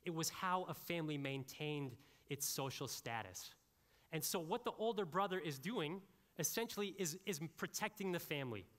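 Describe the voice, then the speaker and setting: Bright-voiced pastor preaching in a reverberant hall. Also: male voice, on the high side, moderate pace. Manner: animated, conversational preaching with asides to the congregation. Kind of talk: sermon.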